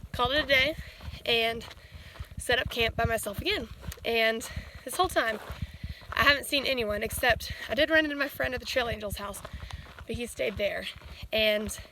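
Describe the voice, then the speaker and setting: A woman's voice: fairly high pitch, bright, forceful tone, slight background noise, rough recording. A young woman with a Southern accent, telling trail stories in a casual hiking vlog, recorded outdoors on a handheld camera. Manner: chatty storytelling, acts out quotes in her own voice. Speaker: thru-hiker vlogger.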